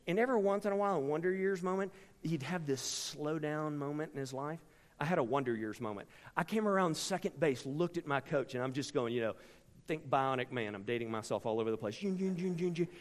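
Animated middle-aged preacher in a reverberant hall. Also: male voice, a little high, brisk. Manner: animated, dramatic delivery with sudden shouts and hushed asides. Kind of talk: storytelling sermon. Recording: long reverb from a large hall.

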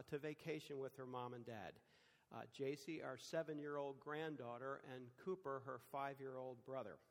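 A man's voice: on the high side, long reverb tail. An older man preaching a sermon, telling stories and acting out quoted dialogue in a conversational way. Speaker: pastor.

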